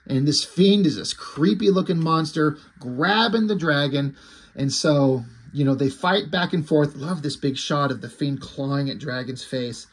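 A man casually recapping a comic book, excited, loose and a bit profane. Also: on the high side, unhurried, slightly rough.

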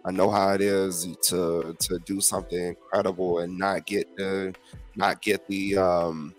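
Blunt low-voiced man ranting. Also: unhurried, soft background music. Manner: blunt, profane, animated ranting. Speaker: podcast host. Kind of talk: casual solo commentary.

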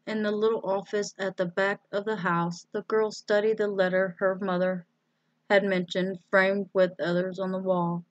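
A woman reading a children's book aloud, with slow, deliberate phrasing. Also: medium pitch, little pitch movement, no echo. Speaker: storybook reader.

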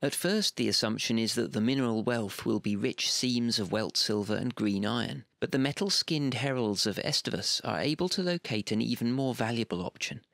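A man narrating scripted game lore in a steady, measured reading voice. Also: mid-range voice, gravelly, dry recording, clean studio sound.

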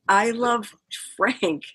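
Older woman guest, husky and dry-miked, animated raconteur. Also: on the high side, extremely slow, no room sound. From Boston area, USA. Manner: animated storyteller, laughs often, acts out quotes. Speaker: guest musician. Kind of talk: storytelling interview.

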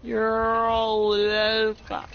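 High-voiced teasing man, gravelly edge. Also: completely flat delivery, drawn-out words. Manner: teasing, joking and swearing freely. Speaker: gamer recording a session. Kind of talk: casual gaming chat. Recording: slightly dull lo-fi audio with faint music.

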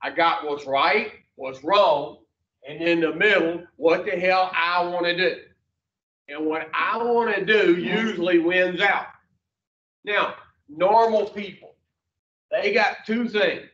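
A man's voice: high-pitched, takes it slowly, fairly bright tone. Blunt man teaching in an echoey room. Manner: blunt, folksy, uses mild swearing. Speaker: recovery program teacher. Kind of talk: plain-spoken class talk. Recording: echoey, distant, dull room recording.

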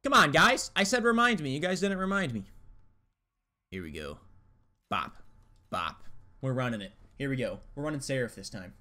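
A man's voice: fairly high pitch, animated, quick pace, few pauses, sharp tone. Hyped young man trash-talking through gameplay. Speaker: gaming YouTuber. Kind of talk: live gameplay commentary.

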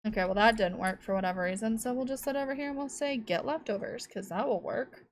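A woman's voice: a little high, fast. A woman giving casual gameplay commentary at home into a desk microphone, chatting as she thinks aloud and cooing to her cat. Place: home room at a computer.

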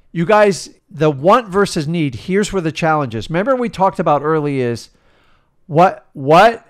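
A middle-aged man coaching in an emphatic, worked-up rant, swinging between loud bursts and quiet asides. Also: fairly high pitch, clean tone. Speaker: real estate coach.

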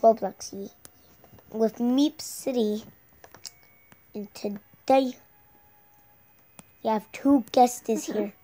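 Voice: medium pitch, takes it slowly, warm tone. A gaming channel host giving playful, casual commentary while playing a game, repeating words and joking with guests.

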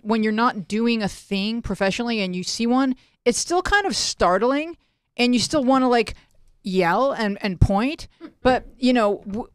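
A woman's voice: fairly high pitch, smooth, no echo. Chatty woman host, dry sound. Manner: storytelling, chatty. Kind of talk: casual chat. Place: Los Angeles area.

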